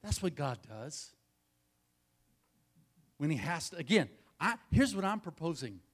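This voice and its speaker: A man preaching a sermon as pastor, swinging between quiet, intimate passages and loud, emphatic ones, repeating key phrases. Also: a little high, very animated, unhurried, slightly rough.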